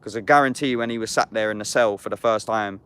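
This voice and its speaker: Fast, fairly low and fairly bright, this man's voice is clear and resonant. He's a thirty-ish YouTuber out in the woods reading scripture and mulling it over in slangy, swear-heavy street talk, addressing the listener as "bruv."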